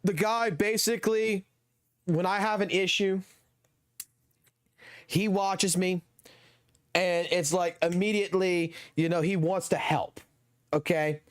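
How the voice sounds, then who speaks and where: A man's voice: high voice, steady tone, slow, pauses often, clean tone, dry recording, studio quality. A young man from the American South with a Southern accent, ranting heatedly and profanely on his live game stream.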